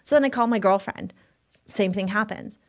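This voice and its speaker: Animated woman telling a story fast. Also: medium pitch. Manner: animated, swears freely, rapid run-on storytelling. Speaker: podcast guest, manifestation coach. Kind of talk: casual storytelling chat.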